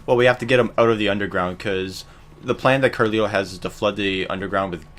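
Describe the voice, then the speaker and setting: A man's voice: lowish voice, fast, fairly bright tone. A man hosting a let's play, explaining game tips in casual commentary, hesitating with many fillers. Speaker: let's play host and player.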